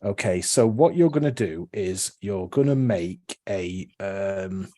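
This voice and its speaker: A low-voiced man with a husky edge runs a tabletop game, chatty and relaxed as he explains the rules. His voice sits close and dry on the mic. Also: takes it slowly, dry recording. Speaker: game master.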